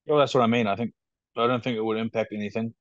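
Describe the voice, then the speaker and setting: A man with a New Zealand accent, a guest on a podcast, speaking over a video call in a calm, measured, matter-of-fact way. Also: mid-range voice, no room sound. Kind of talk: casual interview chat. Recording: dull dry video call audio.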